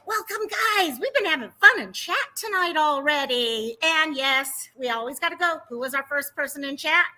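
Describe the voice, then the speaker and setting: Chatty woman with a high bright voice. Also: lively intonation, moderate pace, rough recording. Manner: chatty and rambling, greeting viewers by name. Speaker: livestream host. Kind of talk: casual livestream chat.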